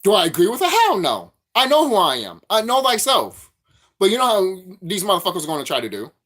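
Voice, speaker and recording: A man delivers a preachy spiritual monologue to his vlog audience, full of profanity and repeated phrases. His pitch swings widely as he drives each point home, with no calm, even stretches. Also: brisk. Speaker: vlogger.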